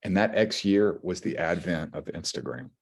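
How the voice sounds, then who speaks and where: A man in his forties, a former pitcher and coach, talking earnestly and at length as a guest in a casual conversation, with many restarts. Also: normal speed, vocal fry. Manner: earnest, heartfelt, rambling with restarts.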